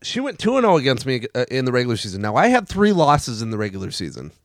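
A man hosting a casual sports podcast, animated and argumentative. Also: mid-range voice, fast talker, dry recording, clean studio sound. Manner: animated, argumentative, laughs often. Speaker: podcast host.

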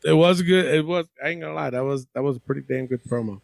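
Man, podcast host, high gravelly voice, swearing and laughing, casual chat. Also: fast talker, no room sound. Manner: profane, laughing, loose banter.

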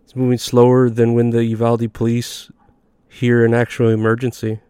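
A man's voice: medium pitch, monotone, normal speed, dark tone, smooth, dry recording, studio quality. A man hosting a comedy podcast, telling rambling, profane stories in a laid-back, casual way. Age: adult.

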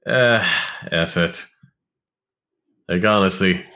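Relaxed co-host, man, lowish voice, easygoing short reactions. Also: takes it slowly. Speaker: podcast co-host. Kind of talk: casual tech podcast chat.

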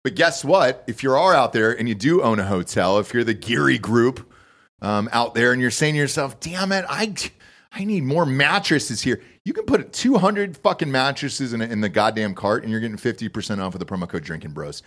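A man hosts a podcast in loose, profane banter. His pitch jumps around as he jokes and slides into ad reads. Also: fairly quick. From Texas. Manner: joking, profane, animated. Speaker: podcast host.

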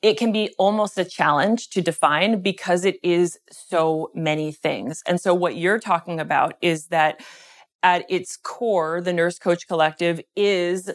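A woman's voice: fairly low pitch, a little slow. A middle-aged woman co-hosting a podcast in casual chat, upbeat and enthusiastic, laughing often. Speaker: podcast co-host.

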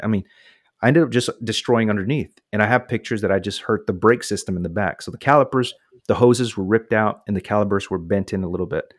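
A man's voice: on the low side, quick pace, dry recording, studio quality. A man from the United States casually telling a long personal story, acting out quotes from the people involved. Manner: animated anecdote with voiced quotes.

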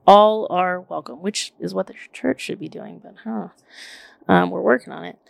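A woman in her thirties chats casually with a gravelly edge of vocal fry. She tells her story in an animated, emphatic way, leaning on "like". Her voice sounds close and dry, with no room echo. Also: fairly low pitch, normal speed. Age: 30s. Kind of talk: casual chat.

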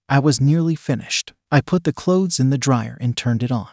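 Casting: male story reader, mid-pitched, steady and even, dry close mic. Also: moderate pace, dry recording. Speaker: story narrator. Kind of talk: reading a story aloud.

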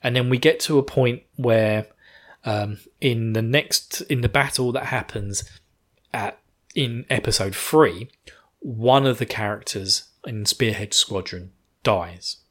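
A man talks through an anime review in a casual, animated way, laughing often and sometimes acting out the characters' lines. He sounds like a podcast host chatting with his co-hosts. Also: medium pitch, takes it slowly.

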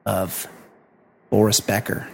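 A man co-hosting a casual podcast, reading listener emails and chatting with a halting, laughing manner. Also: fairly low pitch, monotone, creaky, background noise. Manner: rambling, laughs often, halting restarts. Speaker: podcast co-host.

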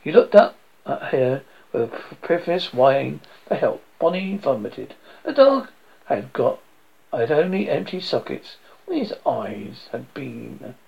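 Gravelly man reading horror aloud. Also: mid-range voice, very animated, takes it slowly. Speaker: narrator. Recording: dull lo-fi audio.

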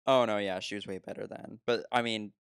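A man's voice: lowish voice, steady tone, fairly quick, vocal fry, smooth, no echo, clean studio sound. A man co-hosting a casual movie-review chat who laughs often and swears casually.

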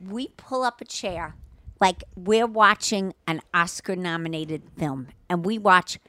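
A woman's voice: fairly low pitch, a little slow, pushed and bright, no echo. A woman in her sixties co-hosting a podcast, chatting casually and emphatically, often talking over the others. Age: 60s. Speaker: podcast co-host. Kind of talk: casual chat.

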